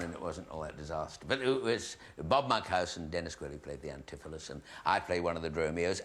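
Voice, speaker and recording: A man's voice: sits low, sharp tone. A man in his sixties, a comedian telling rambling stage anecdotes with chatty asides and hesitations to a live audience. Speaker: comedian host.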